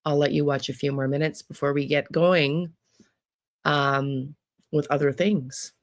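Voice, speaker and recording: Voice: medium pitch, steady tone, a little slow, dry recording, clean studio sound. An American true crime psychic host talking casually to viewers in a rambling monologue full of restarts and trailing asides.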